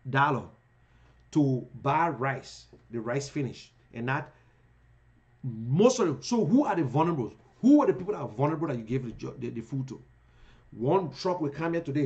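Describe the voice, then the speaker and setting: A man's voice: on the high side, a little mellow, lo-fi sound. A man with a Liberian English accent giving heated live-streamed political commentary, full of rhetorical questions.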